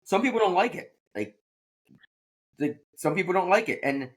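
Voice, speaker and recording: A podcast host who works as a teacher speaks in a high-pitched, animated voice at a moderate pace. During casual conversation he comes across as blunt and plain-spoken.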